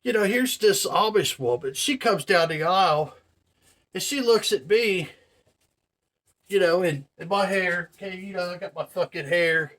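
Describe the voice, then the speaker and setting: A man's voice: sits high, measured pace, a bit bright. A man telling viewers a story to camera in a casual, profane, ranting way. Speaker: vlogger.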